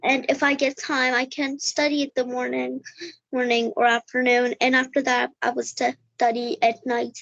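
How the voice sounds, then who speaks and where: A woman's voice: high voice, level tone, normal speed, gravelly, fairly bright tone, dry recording, highs cut off. A young girl from India with an Indian English accent imitating British, talking hesitantly over a video call and repeating words. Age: child.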